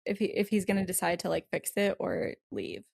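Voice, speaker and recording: A woman co-hosting a casual advice podcast, thinking aloud with lots of "like"s and gentle hedging. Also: lowish voice, sing-song, fairly quick, gravelly, husky, no echo, studio quality. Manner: thoughtful, hedging with many "like"s. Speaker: podcast co-host.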